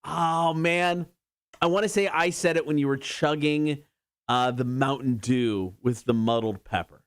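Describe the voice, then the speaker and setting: A man co-hosting a morning radio show, easygoing and quick to laugh. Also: fairly high pitch, clear, resonant tone, no echo. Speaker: radio co-host. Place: radio studio.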